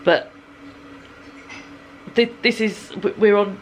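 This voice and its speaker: A woman's voice: mid-range voice, slow pace, slight background noise. A woman in her thirties chatting casually in a home vlog, rambling and giggly. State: slightly snotty with a cold. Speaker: vlogger. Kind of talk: casual chat. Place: home kitchen.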